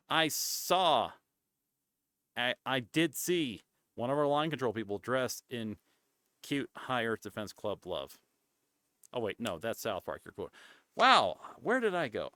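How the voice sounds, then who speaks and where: A man streaming a casual chat, rambling and often cutting himself off mid-thought, sometimes dropping into soft, breathy asides. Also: on the low side, lively intonation, normal speed, no room sound, clean studio sound. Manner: rambling, self-interrupting and chatty.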